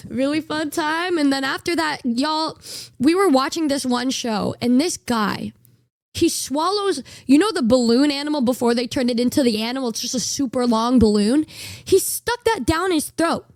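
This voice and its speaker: A woman's voice: high voice, lively intonation, normal speed, no echo, clean studio sound. A woman in her twenties, a streamer telling a story in casual chat, rambling and stammering with a bashful, giggly manner.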